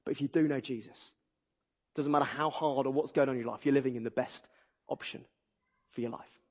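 A man preaching a sermon, exuberant and animated, telling humorous stories to a church audience. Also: medium pitch, brisk. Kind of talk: sermon with storytelling. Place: church auditorium. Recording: dull audio with long hall reverb.

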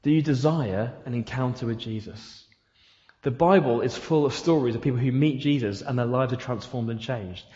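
A man's voice: medium pitch, moderate pace, mellow. A man preaching a sermon in a church hall, asking his listeners repeated rhetorical questions. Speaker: pastor. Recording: echoey hall, dull sound.

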